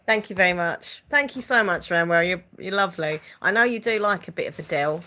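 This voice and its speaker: This woman's fairly low voice is bright and forceful, with lively intonation and a brisk delivery with few pauses. Hosting a casual live stream, she giggles often while reading out comments from viewers.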